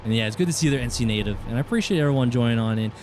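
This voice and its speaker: A man's voice: mid-range voice, animated, racing, darkish tone, slight background noise. A man with a British Columbian Canadian accent, chatting casually with viewers while streaming a game, friendly and thanking people by name. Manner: friendly, thanks viewers, restarts his words. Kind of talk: casual live gameplay chat. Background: game music and gunfire.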